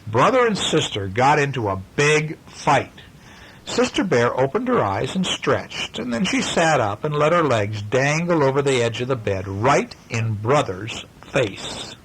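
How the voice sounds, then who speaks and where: A hoarse father reading a bedtime story to his children, gentle and chatty, stopping to talk about the pictures. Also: medium pitch, very animated, unhurried, rough recording.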